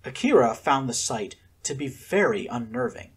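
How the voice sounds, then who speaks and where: Husky, expressive male storyteller. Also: mid-range voice, moderate pace. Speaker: narrator. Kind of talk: audiobook narration of fan fiction.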